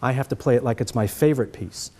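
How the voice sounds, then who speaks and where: A man's voice: medium pitch, fast talker, mellow. A middle-aged man with a Boston accent giving a trumpet master class, answering students' questions and checking in with "okay?".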